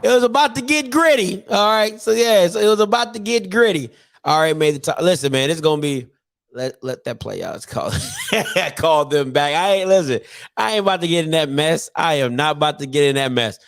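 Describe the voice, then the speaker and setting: Animated high-voiced man hosting call-in. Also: fairly quick, vocal fry. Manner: animated, swings between loud hype and muttering. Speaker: sports talk show host. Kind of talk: live call-in sports talk show.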